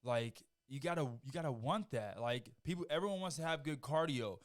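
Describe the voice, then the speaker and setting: A man sits in as a podcast guest and tells stories in an easygoing, profane way. His voice is smooth and resonant, at an ordinary middle pitch. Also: animated, normal speed. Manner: laid-back storytelling, swears freely. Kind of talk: casual chat.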